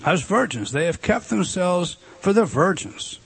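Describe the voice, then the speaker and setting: A man delivers an expository sermon with a slightly high, husky voice. He leans hard on repeated key words and stops to put questions to the congregation. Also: very animated, unhurried. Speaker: preacher.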